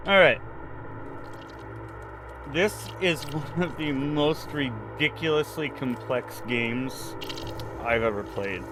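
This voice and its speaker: A man streaming a game live, out of breath and chatting casually, sighing and laughing softly, sometimes turning from the mic. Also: mid-range voice, slow, pauses often, background noise. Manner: chatty, self-deprecating, sighs and laughs softly.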